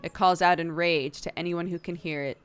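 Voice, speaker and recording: A woman voicing a calm, bitter man who is a forest-loving mystic, reading game dialogue aloud slowly and evenly. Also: lowish voice, smooth, lightly acted. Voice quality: calm and measured.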